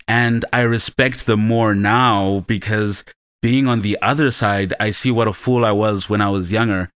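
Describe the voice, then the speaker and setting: A man reminiscing slowly and reflectively about his strict teachers and father on a podcast. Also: lowish voice, fairly bright tone, smooth, no echo, clean studio sound. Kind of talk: reflective personal anecdote.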